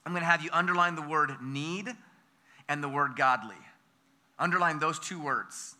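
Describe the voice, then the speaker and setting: Preaching at a moderate pace, a male pastor from the United States has a high, sharp, very bright voice. He energetically peppers the congregation with questions and doubles back, repeating words and restarting phrases as he pushes on.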